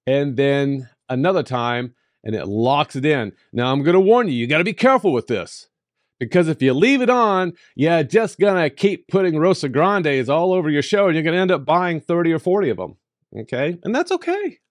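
A man hosting a software tutorial, talking emphatically and playfully, with sudden jumps in pitch for emphasis. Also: expressive, normal speed, dry recording, studio quality. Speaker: tutorial host. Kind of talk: screen-recorded software tutorial.

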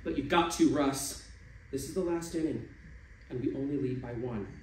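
A man voicing a hot-headed eleven-year-old boy catcher who presses his pitcher urgently. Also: normal speed, echoey room, distant mic, close to an everyday voice, rough recording.

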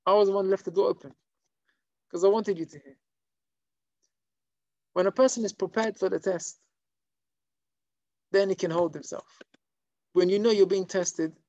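A man, a rabbi, telling stories in an animated, conversational way to a small live class. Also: high-pitched, gravelly, dry recording, highs cut off. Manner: animated, conversational storyteller with many fillers. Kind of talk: storytelling Torah lesson to a live group. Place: room with a small live audience.

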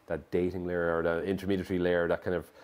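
A man's voice: deep voice, level tone, quick pace, a little mellow, clean tone. A man, a startup founder speaking in an onstage interview, rambling with many restarts. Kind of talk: conversational interview on stage. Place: live event venue.

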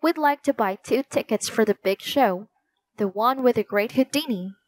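A woman's voice: on the high side, normal speed, natural voice. A woman voicing an eager, impatient young boy in a storybook reading. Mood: polite.

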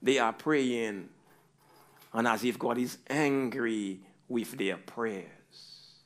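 A man's voice: medium pitch, extremely slow. A male pastor preaching a fervent sermon, rising into repeated pleading cries.

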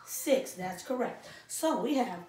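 Slow sing-song teacher woman. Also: on the high side, expressive, darkish tone. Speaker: kindergarten teacher. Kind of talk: online class lesson. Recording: echoey room from far off.

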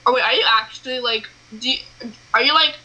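A woman's voice: fairly high pitch, brisk, pushed and bright, rough recording. A young woman from Canada chatting casually and giggling on a video call. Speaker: video chat stranger.

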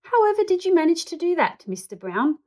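A woman voicing a kindly, courteous older male shopkeeper in a children's storybook reading, speaking gently and a little fretfully. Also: medium pitch, lively intonation, unhurried. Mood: flustered.

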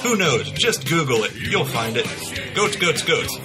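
A man's voice: on the high side, sing-song, a little slow. A man casually plugging his band in an offhand, jokey way. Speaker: podcast host promoting his band. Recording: over loud guitar music.

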